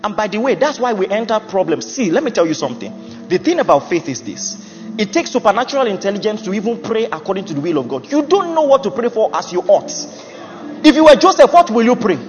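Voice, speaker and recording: A man's voice: sits high, very animated, fast. A man preaching a sermon, emphatic and laughing at his own jokes as he acts out Bible figures. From Nigeria. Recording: muffled hall recording with music.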